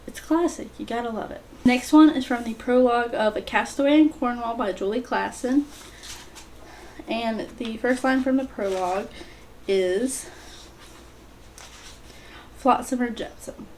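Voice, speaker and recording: A woman's voice: a little high, vocal fry, slight background noise. A woman hosting her own book vlog in a casual, chatty way, reading short passages aloud between light asides. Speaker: book vlogger, channel host.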